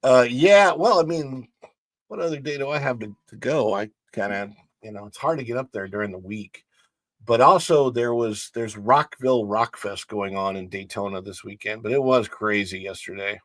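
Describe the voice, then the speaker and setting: A man's voice: mid-range voice, moderate pace, no room sound. Chatty middle-aged man, dry close sound. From St. Louis, Missouri. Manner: rambling, chatty, with restarts and asides. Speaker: livestream host. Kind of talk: casual chat reading live comments.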